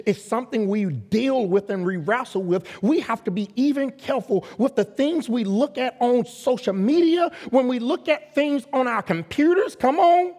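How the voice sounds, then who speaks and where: High-voiced man preaching in a reverberant hall. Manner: emphatic preaching, rising to loud exhortation; call-and-response with the congregation. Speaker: guest pastor. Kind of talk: sermon. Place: church sanctuary. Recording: long reverb of a large hall.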